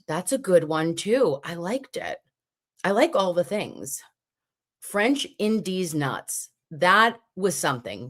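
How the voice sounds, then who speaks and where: A woman in her forties hosting a casual livestream, chatty and animated, acting out the things people said to her. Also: low-pitched. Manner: animated, chatty, acts out quotes. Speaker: livestream host.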